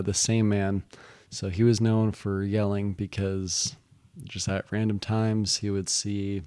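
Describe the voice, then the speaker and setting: A young man recounts his work stories in a casual, rambling monologue, with constant restarts and "he's like" asides. His voice sits low and stays quite flat in pitch. The recording is dry and close, with no room sound. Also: clear, resonant tone, no echo. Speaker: vlogger recounting work experiences.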